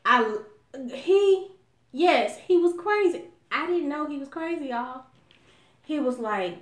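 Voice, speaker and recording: A woman from Alabama with a Southern US accent, telling a story to viewers in an animated, profane, casual style. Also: on the high side, slow, pauses often. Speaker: vlogger. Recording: echoey room.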